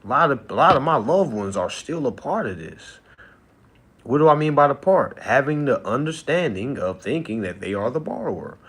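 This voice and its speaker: A man hosting a casual livestream monologue who talks in an animated way, laughs often and repeats himself. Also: medium pitch, normal speed, husky. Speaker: livestream host.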